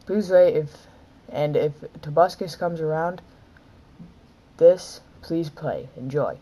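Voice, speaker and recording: A woman giving let's play commentary, excitable, squealing and shouting at the game as she plays. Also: deep voice, takes it slowly, creaky, pauses often, low-quality recording. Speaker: gameplay commentator.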